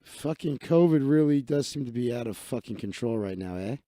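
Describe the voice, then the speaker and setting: Medium in pitch, lively in intonation and fairly quick, this man's mellow voice comes through a dry, clean studio recording. He hosts a casual livestream, scrolling his social feed and talking in a loose, profane, rambling manner.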